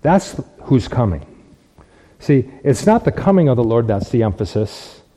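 Earnest man preaching in a dark voice. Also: medium pitch, very animated, measured pace. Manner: earnest, repeats phrases for emphasis. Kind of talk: sermon with scripture reading.

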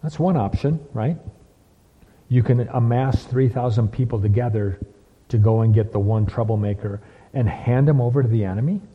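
A man's voice: mid-range voice, normal speed, slightly rough. A man preaching a sermon, full of repeated phrases and rhetorical questions. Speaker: pastor. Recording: dull lo-fi with long hall reverb.

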